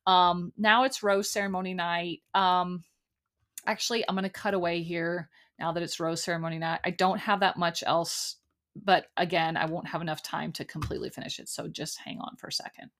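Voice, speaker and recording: A woman's voice: lowish voice, steady tone, normal speed, fairly bright tone. A woman hosting a solo recap podcast, talking casually and sounding exasperated, with lots of ums and likes. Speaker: podcast host.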